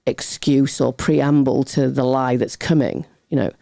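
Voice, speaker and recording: A middle-aged woman telling a personal story as a talk show guest, lively and chatty. She keeps slipping into other people's voices and drifting off on tangents. Her tone is warm and mellow, and the sound is dry and close. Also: rumbling low, measured pace, vocal fry, no room sound. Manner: lively, acts out quoted voices, goes off on tangents. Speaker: podcast guest.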